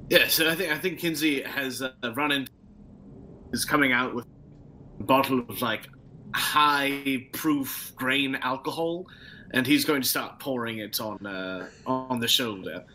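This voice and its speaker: A man's voice: mid-range voice, measured pace, pushed and bright, slight background noise. A man playing in a tabletop game, speaking hesitantly and casually. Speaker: player.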